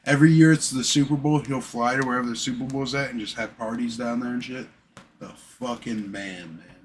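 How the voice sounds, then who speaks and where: A man's voice: mid-range voice, fairly even intonation, a little fast, a little hiss or hum. A young man in casual podcast chat, swearing a lot and telling workplace stories with imitations of coworkers. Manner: profane, storytelling with loud impressions of coworkers. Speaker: podcast co-host.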